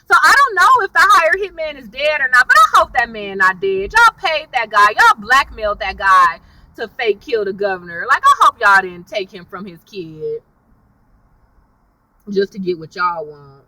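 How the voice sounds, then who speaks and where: A woman's voice: high voice, sing-song, moderate pace, bright, forceful tone, distant mic, slight background noise, rough recording. A woman giving a casual, chatty recap of a TV episode, talking straight to her viewers and calling them y'all. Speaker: TV recap vlogger.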